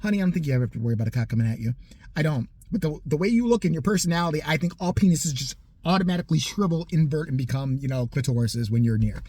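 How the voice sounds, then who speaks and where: A man's voice: a little high, animated, racing, dark tone. A man in his forties delivering a profane, mocking comedic rant in a heated way. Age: 40s. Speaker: comedic ranter.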